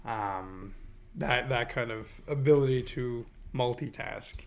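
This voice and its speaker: A man's voice: medium pitch, slow, creaky. A man co-hosting a podcast who talks in an easygoing, casual way. He mostly gives short agreeing replies and teases his co-host playfully. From northern United States. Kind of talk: casual chat.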